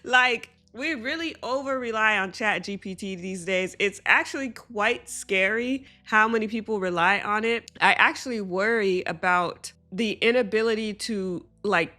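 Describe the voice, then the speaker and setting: A woman's voice: medium pitch, moderate pace, few pauses, bright, forceful tone. A woman host giving her opinion in casual commentary, chatty and prone to tangents, laughing through her points.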